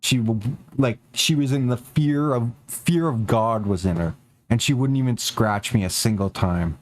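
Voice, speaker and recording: A young man streaming a game, chatting casually and rambling, swearing a lot and talking to his cats. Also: measured pace. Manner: rambling, profane, talks to his cats in a high baby voice.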